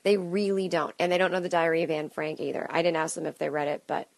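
Late-30s woman rambling on her solo podcast, kinda low voice, super dry close mic. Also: level tone, fast talker, vocal fry, no room sound. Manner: rambling, self-deprecating, chatty asides. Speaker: podcast host and comedian. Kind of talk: solo stream-of-consciousness podcast. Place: home, alone. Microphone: close studio mic.

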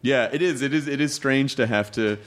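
A man's voice: medium pitch, a little fast. A man hosting a podcast, a stand-up comedian talking loosely, swearing and restarting his sentences. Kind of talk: casual podcast chat.

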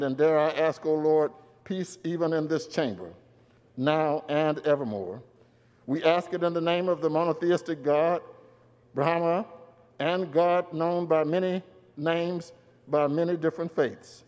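Man saying a solemn prayer, kinda high voice, echoing big chamber. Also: darkish tone. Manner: solemn, measured. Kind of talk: formal prayer. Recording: reverberant legislative chamber.

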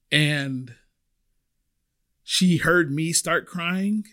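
A man's voice: on the high side, extremely slow. A young man hosting a podcast, telling a personal service-industry story and acting out the people in it. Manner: animated, acts out quoted voices. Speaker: podcast host.

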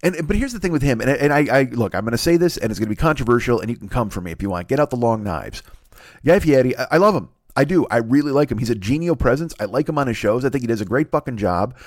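A man's voice: mid-range voice, lively intonation, fast, no room sound, clean studio sound. A man hosting a comedy podcast, ranting in a rambling, profane way with many restarts and sudden jumps in energy. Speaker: podcast host.

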